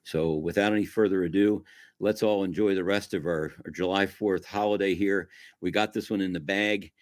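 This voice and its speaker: Deep-voiced male host, folksy and gushing, closes like a preacher. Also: fairly even intonation, normal speed, no echo, studio quality. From Italian-American. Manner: folksy, effusive, preacherly sign-off. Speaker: show host. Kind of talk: casual interview wrap-up.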